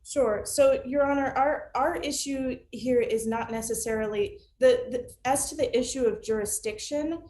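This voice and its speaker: Brief: woman appellate lawyer, a bit high, halting and repeating herself, roomy echo. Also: darkish tone. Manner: hesitant, many restarts and fillers. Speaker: appellate attorney. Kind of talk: remote oral argument.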